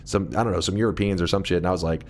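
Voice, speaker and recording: A man's voice: low-pitched, fairly even intonation, rapid-fire. A man in his thirties chatting casually on a livestream, ranting and joking with lots of swearing. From United States. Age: 30s. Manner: ranting, profane and jokey with chat.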